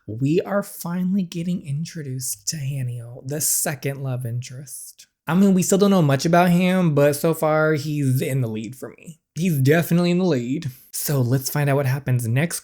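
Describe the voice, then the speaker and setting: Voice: medium pitch, mellow. A channel host reading through a story game, chatty and reactive in casual commentary.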